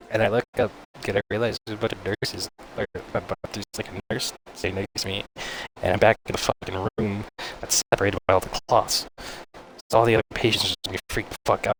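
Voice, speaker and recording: A man streaming live, casually telling a profane, animated story and mimicking his own yelps. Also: fairly low pitch, fairly quick, slight background noise, poor audio.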